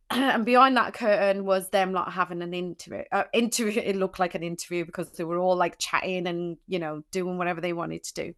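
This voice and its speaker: A woman's voice: fairly low pitch, a bit bright. A young adult woman, a podcast guest, tells a personal story in an emotional way, teary at times, with many restarts and fillers.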